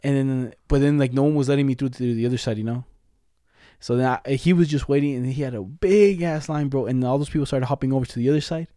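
A young man co-hosts a casual podcast, telling laid-back, slangy stories and laughing often. His mid-range voice is mellow and warm and moves at a quick pace, recorded dry and close with no room sound.

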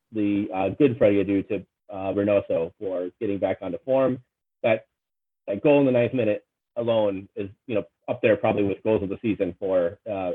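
A man co-hosting a casual sports podcast, relaxed and a bit hesitant, with lots of fillers. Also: on the low side. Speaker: podcast co-host. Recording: tinny phone-like line.

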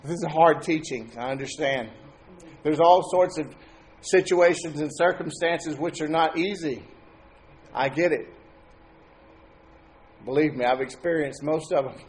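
High-voiced man preaching a sermon. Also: unhurried, pauses often, slight background noise. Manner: conversational preaching with questions to the congregation. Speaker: pastor.

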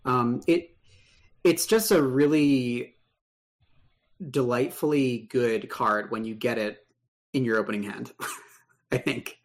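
A man's voice: mid-range voice, takes it slowly, long pauses. A man co-hosting a casual card-game discussion in an easygoing, agreeable way. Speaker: podcast co-host.

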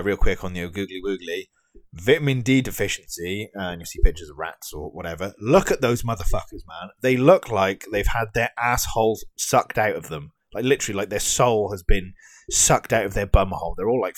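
A young British man rants in a loose, sweary vlog, trading sarcasm with plenty of ums and restarts. His voice sits low, and the sound is close and dry, with no room around it. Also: normal speed, dry recording. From Britain. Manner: sweary, sarcastic ranting with many fillers. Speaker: vlogger. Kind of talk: ranting vlog.

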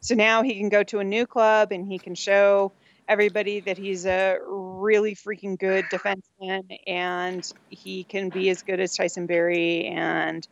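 A woman's voice: mid-range voice, level tone, moderate pace, vocal fry, muffled recording. A woman co-hosting a casual sports podcast, enthusiastic and playful in her opinions. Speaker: podcast co-host.

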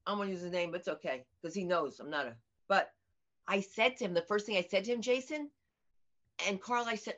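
A mid-range, slightly bright voice moving a little fast belongs to an older woman comedian chatting as an interview guest. She tells animated stories, voicing the people she quotes, and the recording is dull lo-fi.

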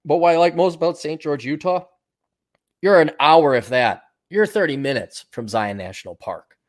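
A man's voice: fairly high pitch, expressive, normal speed. A man hosting a casual livestream, reading out donations and rambling in a crude, self-mocking way.

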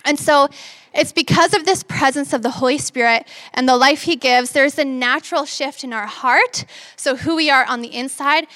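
A woman's voice: high voice, normal speed, sharp tone, no echo. A woman in her twenties giving a sermon in an upbeat, conversational way, acting out her own thoughts as she tells a story. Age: 20s. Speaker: young preacher.

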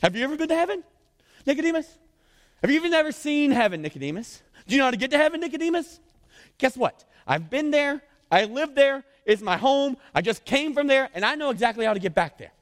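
Preacher doing Jesus: emphatic adult man, pitched up, insistent questions, reverberant hall. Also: very animated, fast.

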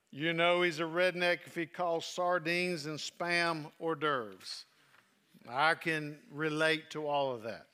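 A man preaches an earnest, heartfelt sermon woven with personal memories, his slightly high voice sounding bright, forceful and clean. At tender moments he drops into a quiet, soft delivery.

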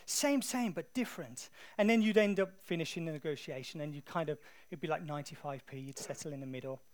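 An English man preaching a sermon in a conversational, animated storytelling way. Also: on the high side, fast.

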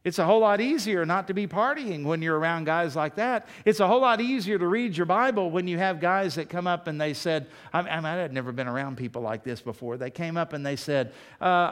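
Emphatic preaching man, fairly high voice. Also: a little fast, few pauses, a bit bright. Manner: emphatic, rises high when pressing a point. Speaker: pastor. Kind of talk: sermon.

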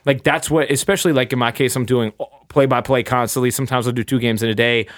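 A man's voice: medium pitch, steady tone, quick pace, dry recording. A young man who does sports play-by-play, chatting on a podcast in a rambling, self-deprecating way. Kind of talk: casual podcast chat.

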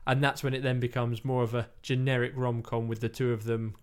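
Casual male co-host, rambling storyteller, mid-pitched, acts out quoted lines. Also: little pitch movement, a little fast, clean tone. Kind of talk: casual chat.

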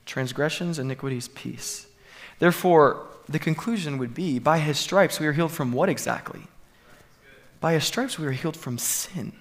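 Guy preaching in church, kinda high voice, earnest and gets really emphatic. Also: normal speed. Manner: earnest, building to emphatic peaks. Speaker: pastor. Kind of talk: sermon. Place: church sanctuary.

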